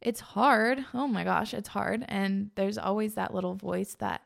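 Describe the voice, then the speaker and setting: A woman podcast host talks in a loose, heartfelt way, her sentences trailing into "like" and "um." Her mid-pitched voice carries a steady gravelly fry at the ends of phrases. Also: unhurried. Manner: gushing, earnest, full of "like" and "um". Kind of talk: casual spiritual podcast chat.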